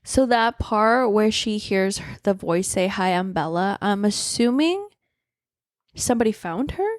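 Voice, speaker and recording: A woman's voice: medium pitch, lively intonation, a little slow, no echo, studio quality. Chatty woman co-hosting a book podcast. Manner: chatty, swears casually, laughs often. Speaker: podcast co-host. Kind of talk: casual book discussion.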